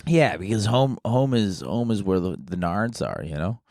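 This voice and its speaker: A man's voice: lowish voice, sing-song, moderate pace, a little mellow, dry recording. Comedy podcast co-host, male, crude and rambling; dead-dry studio mic. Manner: crude, joking, rambling with restarts.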